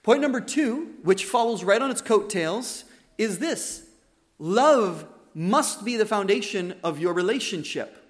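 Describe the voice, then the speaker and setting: A man's voice: high-pitched, expressive, measured pace. A man preaching a wedding sermon as the officiating minister, earnest and emphatic, often repeating his key phrases. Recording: long hall reverb.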